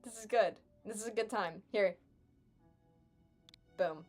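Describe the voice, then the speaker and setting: A woman's voice: mid-range voice, a little slow, a little mellow, soft background music. A young adult woman chatting casually with her live stream chat while gaming, sarcastic and chatty.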